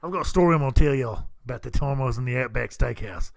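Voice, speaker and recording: A man's voice: mid-range voice, rapid-fire, creaky, a crowd in the background. A man co-hosting a podcast, rambling and joking with friends and laughing often. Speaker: podcast co-host. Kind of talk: casual podcast banter.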